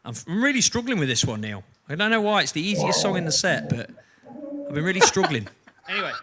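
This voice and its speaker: A man in a band, chatting casually between songs in a lively way and laughing often. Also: fairly high pitch, quick pace, over loud music. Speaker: band member hosting a live-streamed jam.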